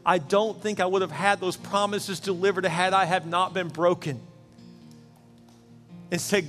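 A man's voice: high-pitched, fairly even intonation, a little slow, long pauses, a bit bright. A middle-aged man preaching a sermon as pastor, telling a personal story in an earnest way and often repeating words as he goes. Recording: long hall reverb with faint music.

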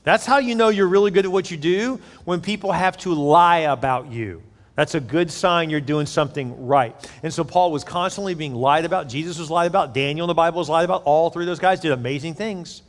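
A man's voice: fairly high pitch, brisk, long reverb tail. A male pastor from the United States preaching a sermon in a conversational way, acting out the voices he quotes.

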